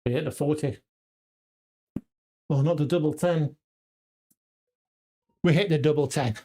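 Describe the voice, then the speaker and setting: A man's voice: on the high side, a little slow, mellow, slight background noise. Man muttering darts checkouts to himself. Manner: muttering checkout numbers to himself, chatty with viewers. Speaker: darts vlogger. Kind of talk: casual live-stream chat while practicing darts. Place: home darts room.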